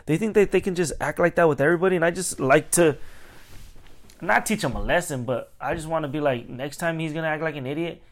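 A man's voice: fairly high pitch, fast. A man hosting a podcast, telling a story in a casual, rambling way with plenty of swearing. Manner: animated, profane, rambling. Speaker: podcast host.

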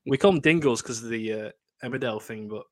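A man's voice: medium pitch, dry recording. Joking young Lancashire man, dry sound. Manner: chatty, joking, quick to laugh. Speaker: podcast co-host. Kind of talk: casual chat.

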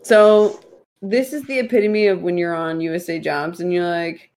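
A woman's voice: on the low side, fairly even intonation, normal speed, darkish tone. A woman co-hosting a podcast, reading quiz questions aloud in casual, profane, teasing banter. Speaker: podcast co-host.

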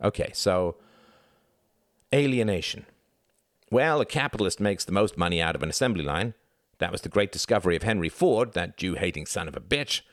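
A man's voice: deep voice, lively intonation, brisk, dry recording, studio quality. A man voicing a condescending young male student who lectures confidently on Marxism. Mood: lecturing.

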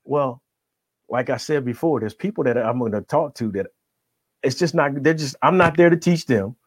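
Energetic man coaching with constant "right?". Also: medium pitch, brisk, slightly rough, no room sound. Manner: energetic, tags nearly every point with "right?". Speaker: life coach and guest. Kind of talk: motivational conversation.

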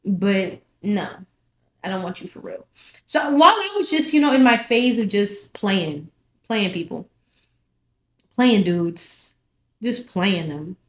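A young woman casually telling her personal testimony, animated and repeating phrases for emphasis. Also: medium pitch, takes it slowly, long pauses. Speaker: vlogger sharing her testimony. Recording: echoey room.

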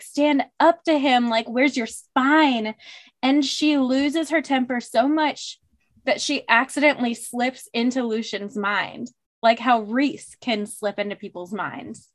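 A woman's voice: a little high, unhurried. A woman co-hosting a podcast, chatting casually through a book recap with many filler words. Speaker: podcast co-host.

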